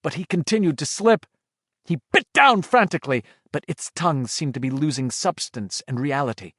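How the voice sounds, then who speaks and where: A man's voice: a little high, lively intonation, normal speed, fairly bright tone, no echo, clean studio sound. A man reading a horror audiobook aloud in dramatic scripted narration. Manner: dramatic, shifting delivery.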